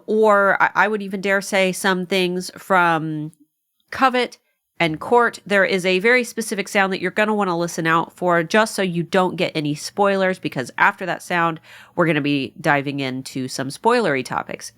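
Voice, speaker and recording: Woman, slightly low voice, animated rambling podcast host. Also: normal speed, clean tone. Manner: rambling, animated, many fillers and laughs. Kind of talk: casual chat.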